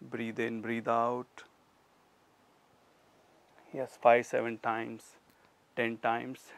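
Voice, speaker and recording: Indian man guiding a slow yoga class. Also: mid-range voice, creaky. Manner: calm step-by-step cueing of breath and movement. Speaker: yoga teacher. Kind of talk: guided yoga class instruction.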